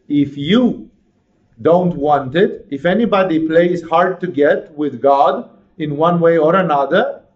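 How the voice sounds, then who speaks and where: A man preaching on a gospel passage, acting out dialogue in an animated storytelling manner. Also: on the high side. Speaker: spiritual teacher. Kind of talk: sermon. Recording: dull lo-fi recording.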